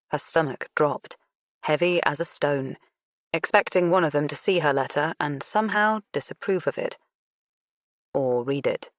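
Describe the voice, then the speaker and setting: A woman narrating an audiobook in a measured, unhurried reading. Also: sits low, no room sound. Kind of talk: scripted narration.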